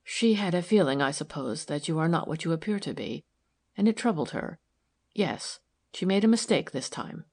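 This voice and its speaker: A woman reading the part of a tired, gentle wealthy wife in a soft, weary voice. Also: sits low, expressive, normal speed, slightly rough, full character voice. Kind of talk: audiobook character reading.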